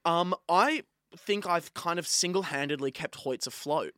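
A man's voice: on the high side, unhurried, no room sound, studio quality. A young Australian man co-hosting a podcast, telling stories animatedly in casual chat. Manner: animated storyteller, acts out dialogue. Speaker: podcast co-host.

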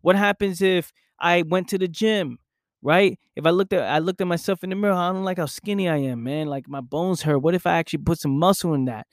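A man's voice: sits high, fairly quick, no echo, studio quality. A young man speaking in an intense motivational monologue, acting out his own past inner voice.

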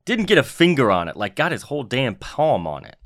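A man co-hosting a sports podcast, chiming in with blunt, quick quips in casual talk. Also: mid-range voice, huge pitch swings, fairly bright tone, no room sound, clean studio sound. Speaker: podcast co-host.

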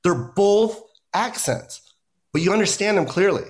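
Animated, emphatic comedian man. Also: unhurried, faint music behind. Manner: animated and emphatic, pitch jumps up when making a point, many "you know"s. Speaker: guest comedian. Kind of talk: casual podcast conversation.

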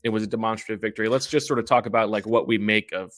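A man's voice: on the low side, steady tone, racing, fairly bright tone, dry recording, studio quality. A man hosting a sports podcast, asking his co-hosts questions in an easygoing, casual way. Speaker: podcast host.

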